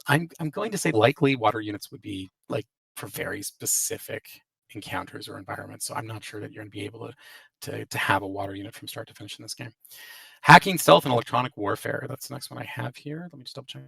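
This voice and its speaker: A man with a lowish, creaky voice talks fast while running a casual live Q&A as a game developer, reading out questions and answering them. He hedges, restarts often, and leans on fillers. Over a voice chat call, his dry, distant audio glitches and sounds robotic.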